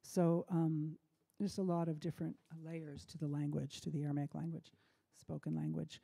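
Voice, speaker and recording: A woman singer-songwriter chatting casually between songs on a live stream from home, relaxed and rambling with plenty of ums. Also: low-pitched, moderate pace, vocal fry, husky. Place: home by the fireside.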